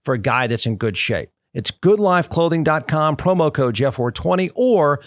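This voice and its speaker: A man doing a casual live-read advertisement and repeating the sales pitch. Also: animated, moderate pace, no room sound, studio quality. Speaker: talk show host reading an ad.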